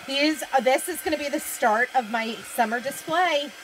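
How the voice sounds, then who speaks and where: A woman's voice: fairly high pitch, normal speed, hardly any pauses, noisy background. A woman hosting a live craft demonstration from home, chatting with viewers and reading their comments aloud. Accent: American. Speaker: craft livestream host.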